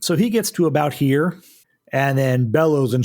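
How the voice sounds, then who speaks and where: A man at middle pitch runs a tabletop game for his friends, laying out the rules step by step. His voice has a rough, gravelly edge. His delivery is patient and explanatory. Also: a little slow, darkish tone. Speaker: game master.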